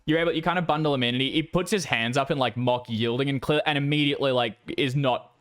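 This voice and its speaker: A man's voice: medium pitch, fairly bright tone. A man running a tabletop horror game as game master, narrating casually with fillers. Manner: casual, halting, many fillers.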